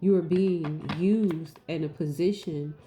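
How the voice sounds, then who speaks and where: Woman, deep and warm, casual spiritual teacher, emphatic and repetitive, a bit goofy, roomy echo. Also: steady tone, slow, a little hiss or hum. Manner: repetitive, emphatic, asks "right?"; goofy and laughing at herself.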